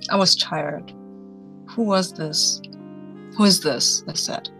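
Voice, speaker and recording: A woman's voice: low-pitched, takes it slowly, vocal fry, bright, forceful tone, soft background music. A woman player speaking as her character in a story game, answering in a dry, unimpressed way.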